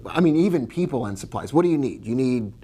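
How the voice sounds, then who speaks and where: A man's voice: medium pitch, animated, fast talker, mellow, breathy edge. A man teaching about trading in a casual video lesson, chatty and digressive, with jokes and asides. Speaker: trading educator.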